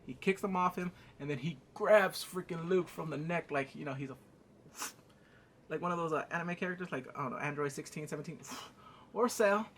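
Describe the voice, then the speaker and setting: A TV show reviewer gives a casual, profane recap of an episode, laughing and acting out scenes with sound effects. He's excitable and swears freely as he retells it. His voice is a little high and brisk, with a little hiss or hum.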